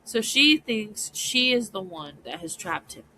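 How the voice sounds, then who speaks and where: A woman's voice: medium pitch, sing-song, unhurried, bright, forceful tone, a little hiss or hum, poor audio. A woman podcast host recapping a story in casual commentary, chatty and often checking in with "right?".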